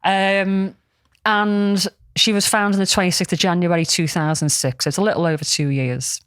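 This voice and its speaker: Woman on a podcast, chatty and rambly, lowish voice, dead dry mic. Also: steady tone, normal speed, clean tone, no room sound. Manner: chatty, rambling, lots of ums and restarts. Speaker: podcast co-host. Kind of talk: casual podcast storytelling.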